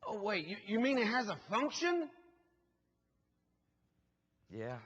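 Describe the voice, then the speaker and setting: A man's voice: high-pitched, slow pace, slightly rough. A man, preaching as a guest speaker and telling a story with jokes and asides to the congregation. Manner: animated, jokey storytelling with asides to the audience. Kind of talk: sermon storytelling. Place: church sanctuary. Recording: muffled, echoey church hall recording.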